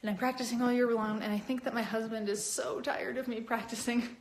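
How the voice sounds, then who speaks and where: A young adult woman chatting casually on a live stream, talking with viewers in an animated, lively way. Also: fairly quick. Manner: chatty and animated, with many upward pitch jumps. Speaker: cosplayer hosting a live stream.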